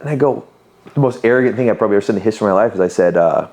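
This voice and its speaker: A podcast guest in his 30s who owns a business races through personal stories in a voice on the low side. He is candid and animated, telling them in casual interview style and voicing the people he quotes.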